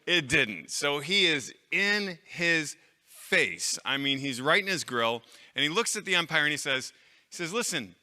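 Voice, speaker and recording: A man's voice: fairly high pitch, sing-song, measured pace, pushed and bright, big-room sound. A middle-aged man giving a live talk to an audience of clergy, conversational and anecdotal, with fillers and restarts. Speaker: conference speaker.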